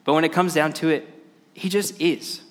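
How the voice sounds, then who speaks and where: A man's voice: on the high side, fairly even intonation, moderate pace. A man in his thirties preaching a sermon as pastor, speaking with frequent "uh" fillers and restarts. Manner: hesitant, many "uh" fillers and restarts. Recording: long reverb of a large hall.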